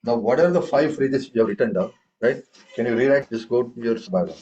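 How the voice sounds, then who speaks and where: A man's voice: mid-range voice, a little fast, warm tone, muffled recording. A man teaching a tabla class, chanting rhythm syllables and quizzing his students. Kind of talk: classroom lesson.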